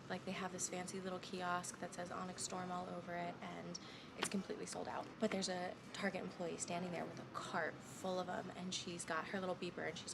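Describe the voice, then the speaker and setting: Vlogger, woman late 20s, chatty storyteller, fry in the voice, noisy phone recording. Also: lowish voice. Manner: chatty storytelling, hushed asides. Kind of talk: casual vlog chat. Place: in a store, at work, at home. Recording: phone vlog with clear background noise.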